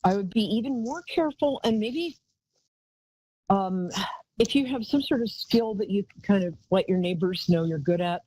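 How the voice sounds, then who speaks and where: A woman's voice: mid-range voice, moderate pace, dark tone, husky, poor audio. A woman hosting a live call-in psychic show, talking in a chatty, rambling way and calling callers darling.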